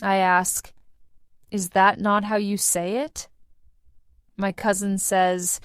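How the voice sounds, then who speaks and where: A woman reading a short first-person story aloud for English learners, in a slow and deliberate manner. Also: medium pitch, little pitch movement, smooth, no echo, clean studio sound. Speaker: English teacher narrator.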